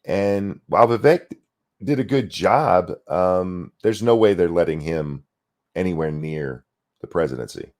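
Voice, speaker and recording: A man's voice: low-pitched, expressive, a little slow, a little mellow. A man giving a blunt, sarcastic reaction rant, swearing freely while fighting the hiccups. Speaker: political commentary streamer.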